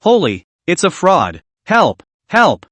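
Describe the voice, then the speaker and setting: A man's voice: a little high, very animated, normal speed, no room sound. A man voicing a panicked young man caught by a corpse, speaking in a shaky, pleading way. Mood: terrified. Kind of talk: read-out dialogue in a recap.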